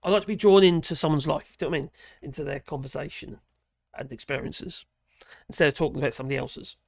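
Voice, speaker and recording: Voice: mid-range voice, quick pace, vocal fry, slightly rough, dry recording, studio quality. A live-stream host from Norwich, chatting casually and reacting aloud to viewer comments in a rambling way. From Norwich, England.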